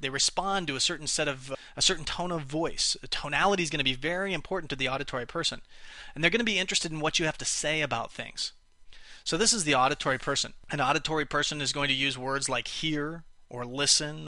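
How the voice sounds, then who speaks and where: In a lesson on how to speak to various types of buyers, a man explains and performs sample phrases, restarting a few times. His fairly high voice is bright and forceful, recorded dry.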